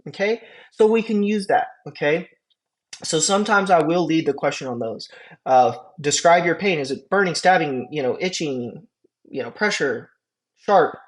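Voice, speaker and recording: A young man lecturing an EMT class, animated and conversational, often checking in with the students. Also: a little high, normal speed. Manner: animated, asks the class rhetorical questions and checks in with okay. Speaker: EMT instructor.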